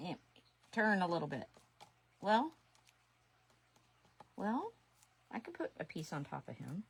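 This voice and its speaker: A resin artist in her sixties chats casually on a craft livestream, talking to herself as she works. Her fairly low voice is creaky with a breathy edge, very animated yet slow, and she pauses often.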